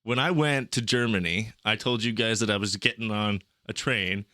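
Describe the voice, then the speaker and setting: Young guy on a podcast, swears a lot, rambles through his stories, bright forceful voice, dry close mic. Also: on the low side, moderate pace, few pauses, dry recording. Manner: profane, rambling storyteller. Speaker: podcast guest. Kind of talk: casual podcast chat.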